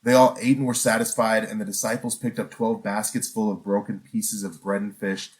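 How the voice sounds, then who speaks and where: Earnest and conversational, this lowish-voiced pastor speaks briskly in a level tone, questioning his listeners and frequently restarting sentences.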